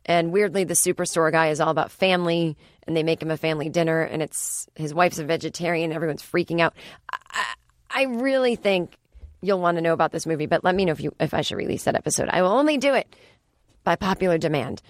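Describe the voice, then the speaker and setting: A woman's voice: on the low side, quick pace, no room sound, clean studio sound. A woman hosting a comedy podcast, rambling and self-deprecating in a casual solo monologue. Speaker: podcast host.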